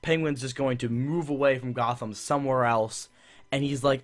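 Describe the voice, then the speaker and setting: A man's voice: mid-range voice, steady tone, moderate pace, faint music behind. A young man giving a casual, enthusiastic TV review that rambles, with many fillers and restarts. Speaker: YouTube TV reviewer.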